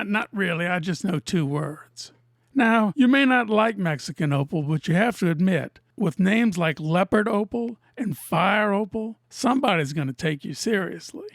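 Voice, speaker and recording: A woman who cuts and sells opals, narrating her workshop video in a deadpan, teasing way. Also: medium pitch, measured pace, gravelly, no echo, studio quality. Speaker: opal cutter and seller. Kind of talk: narrated lapidary video with jokes.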